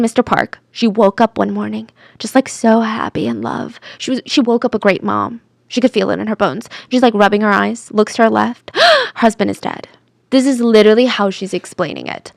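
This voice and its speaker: A woman telling a true crime story in a chatty, animated way, sometimes dropping to a whisper for drama. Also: mid-range voice, fairly quick, gravelly, no echo, studio quality.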